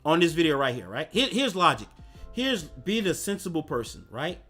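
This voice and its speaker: A man's voice: a little high, sing-song, moderate pace, fairly bright tone, slightly rough, soft background music. A man hosting a casual livestream chat, talking in a slangy, rambling way and laughing often. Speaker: host.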